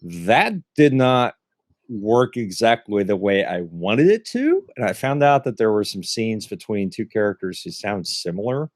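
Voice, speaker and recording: A man co-hosting a podcast, talking casually in a halting way, thinking aloud with many fillers. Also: lowish voice, sing-song, a little mellow, no echo, clean studio sound. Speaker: podcast host.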